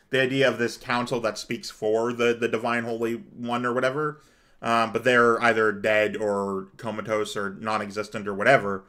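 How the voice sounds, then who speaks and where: A man hosting a let's play, rambling and digressive in casual commentary, growing excitable. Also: on the low side.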